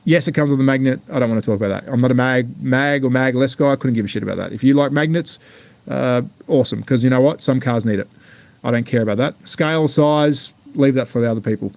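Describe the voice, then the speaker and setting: A man's voice: medium pitch, fast, vocal fry, darkish tone, dry recording. A man with an Australian accent hosting a live-stream hobby unboxing, chatting casually and bluntly with plenty of swearing and rambling asides. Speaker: slot car channel host.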